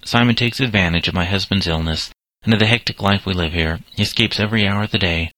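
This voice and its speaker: A man's voice: deep voice, quick pace, pushed and bright. A man reading the lines of a fretful middle-aged hotel proprietress, in a plain read-aloud voice.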